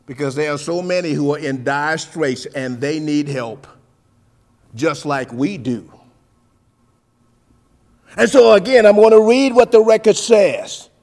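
Preaching in a rolling, sing-song rhythm, a man with a high voice swings widely in loudness. He slips into soft, low asides, then climbs to loud, drawn-out emphasis, repeatedly addressing his listeners as "folks."

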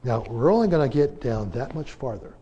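A man teaching a Bible class in a conversational preaching style, asking rhetorical questions and pressing his points with emphatic swings in loudness. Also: medium pitch, animated, fairly quick, slightly rough, muffled recording.

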